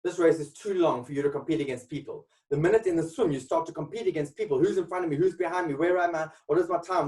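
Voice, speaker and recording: A motivational speaker with a somewhat high, slightly mellow voice gives an emphatic webinar presentation packed with rhetorical questions. He sounds far from the mic, and the recording quality is low.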